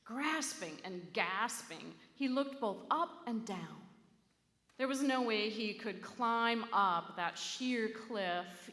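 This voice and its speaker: A woman minister delivering a sermon, telling a story slowly with dramatic emphasis. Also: fairly high pitch, a bit bright. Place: church sanctuary. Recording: echoey sanctuary with long reverb.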